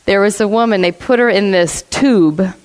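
On a low-quality recording, a woman with a mid-range voice preaches at a moderate pace. Telling stories to the congregation, she voices the people she quotes, poses questions to the listeners and laughs a lot.

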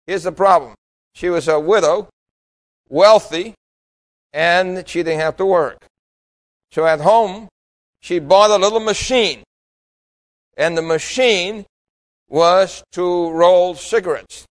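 A pastor from New York City preaching a sermon, emphatic and full of rhetorical questions to the congregation. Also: male voice, high voice, takes it slowly, pauses often, low-quality recording.

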